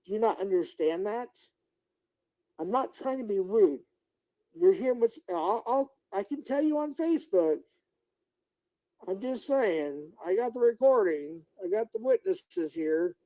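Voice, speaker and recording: A man's voice: high voice, animated, a little slow, warm tone, low-quality recording. Agitated middle-aged man ranting on a livestream. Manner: agitated, indignant, talks straight to viewers and chat. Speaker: YouTuber live-streaming to chat. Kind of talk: unscripted livestream rant.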